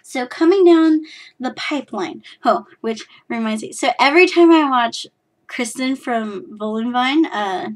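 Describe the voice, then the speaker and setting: A woman's voice: a little high, lively intonation, unhurried. A woman from California, hosting her knitting podcast in a rambling, self-deprecating chat full of fillers and restarts. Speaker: podcast host.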